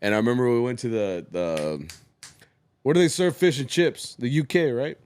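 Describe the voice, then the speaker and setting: A young man co-hosting a podcast keeps the casual chat laid-back and easy, swearing and slipping into Spanish now and then. His voice is medium-pitched, a little mellow and clean, at a moderate pace.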